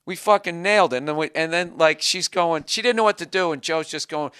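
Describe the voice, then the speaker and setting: A man's voice: fairly high pitch, brisk, few pauses, bright, forceful tone, smooth. Gleeful, profane male storyteller. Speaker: stand-up comedian.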